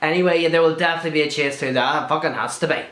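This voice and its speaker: Young guy, casual Q&A vlogger, fairly high voice, talkative with blunt swearing, echoey room. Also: very fast. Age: young adult. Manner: chatty, swears freely, animated asides. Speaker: video blogger. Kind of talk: casual Q&A vlog.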